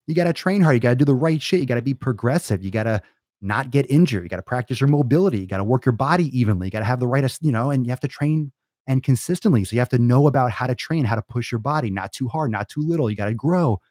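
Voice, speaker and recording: A fitness vlogger with a medium-pitched, darkish voice talks fast with lively intonation in a profane motivational rant. He's blunt and sweary, sometimes mocking whiny excuses in a silly voice. The recording is dry and studio-clean.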